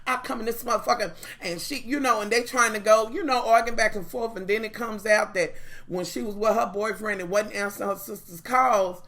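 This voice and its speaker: Profane, opinionated woman with a bright voice. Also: mid-range voice, a little fast. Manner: profane, blunt, talks straight to viewers; animated, opinionated. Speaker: TV show reviewer. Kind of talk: casual chatty review.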